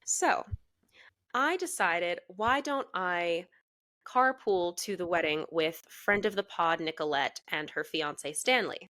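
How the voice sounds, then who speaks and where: A young adult woman co-hosting a podcast, telling a personal story in a frank, animated way, swearing freely and laughing as she goes. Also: lowish voice, takes it slowly. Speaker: podcast co-host. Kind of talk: casual storytelling chat.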